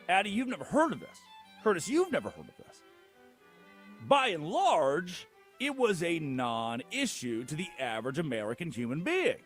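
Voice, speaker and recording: A man hosting a sports talk show, delivering a theatrical monologue full of sarcastic rhetorical questions and big swings in loudness. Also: a little high, wildly swooping pitch, moderate pace, soft background music. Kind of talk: animated monologue.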